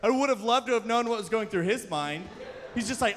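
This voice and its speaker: A young man doing stand-up comedy at a live event, telling self-deprecating stories with sudden shouts. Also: high-pitched, animated, fairly quick. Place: large hall, live event. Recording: long hall reverb from a live venue.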